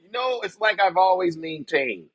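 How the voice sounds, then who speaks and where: Ranting as a theatrical, mocking showman, a man hosts a political commentary show and keeps addressing viewers as "ladies and gentlemen." His high voice has lively intonation, a moderate pace and a breathy edge.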